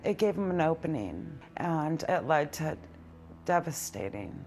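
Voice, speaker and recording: A middle-aged woman interviewed in a news report, recounting her experiences slowly and with intensity. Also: sits low, sing-song, a little mellow, slight background noise. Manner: slow, intense, emphatic recounting. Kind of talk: interview testimony.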